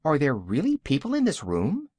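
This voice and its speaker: A man voicing a kindly, courteous little old wizard in an audiobook, measured and polite. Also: fairly high pitch, huge pitch swings, mellow, husky, dry recording, clean studio sound, heavily acted.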